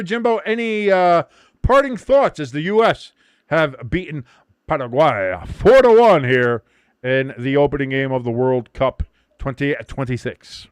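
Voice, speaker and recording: A man's voice: mid-range voice, lively intonation, a little slow, clean tone, no room sound. A man hosting a casual sports watch-along stream, rambling, joking and swearing freely. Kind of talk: casual livestream chat.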